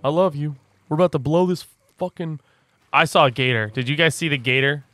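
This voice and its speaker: A man hosting a let's play, commenting on the game in an excitable, joking way. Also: fairly high pitch, brisk, no echo. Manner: excitable, joking, often laughing. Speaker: gaming channel host.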